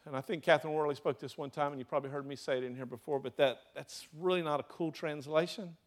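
A man's voice: fairly high pitch, fairly even intonation, fast. Southern man preaching, raised voice. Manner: preaching with rhetorical questions to the congregation. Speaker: pastor. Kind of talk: sermon.

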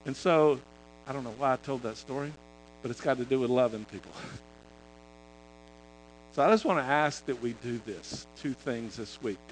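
A man preaching in a loose, conversational way, retelling a story with many halting restarts. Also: mid-range voice, faint music behind, rough recording. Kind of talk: sermon storytelling.

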